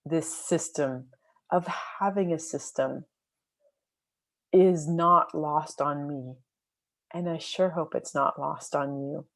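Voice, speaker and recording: A woman coach and podcast host telling a client story in an earnest, reflective way, with many fillers and restarts. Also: low voice.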